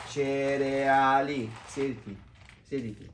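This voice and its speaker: A woman with a low voice gives a children's vocabulary lesson, drawing out each word and repeating it patiently. Her slow, deliberate speech carries the echo of a hotel room. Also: fairly even intonation, slight background noise. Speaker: parent teaching Italian to children.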